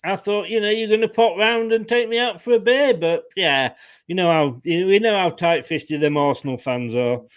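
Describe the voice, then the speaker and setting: A fairly high-voiced man chats animatedly about football predictions, laughing a lot and stumbling over repeated words. His audio is dry and close, as if from a video call mic. The feel is loose and jokey. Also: moderate pace, no room sound. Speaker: pundit guest. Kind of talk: casual football banter.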